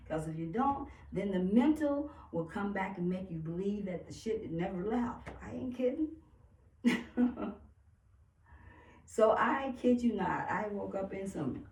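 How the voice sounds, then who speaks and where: A woman's voice: on the low side, darkish tone. A woman giving a casual spiritual pep talk, emphatic and profane, often breaking into laughter. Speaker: spiritual speaker. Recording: echoey room, far from mic.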